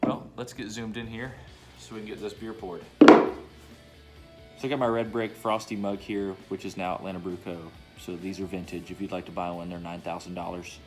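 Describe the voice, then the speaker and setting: A man's voice: deep voice, little pitch movement, a little fast, over loud music. A man casually reviewing a beer in his home basement bar, talking in a laid-back, enthusiastic way and swearing now and then.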